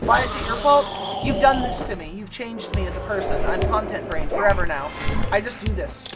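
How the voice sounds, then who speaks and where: A woman streaming a game live, excitable and swearing as she talks to her chat. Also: medium pitch, brisk, poor audio. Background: loud game music.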